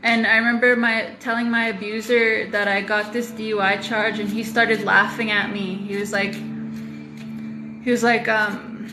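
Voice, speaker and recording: A woman's voice: mid-range voice, little pitch movement, a little slow, echoey room, music in the background, poor audio. A woman talking straight to her viewers in a confessional vlog, emphatic and repeating phrases for weight, with the odd swear. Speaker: vlogger. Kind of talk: confessional talk to camera.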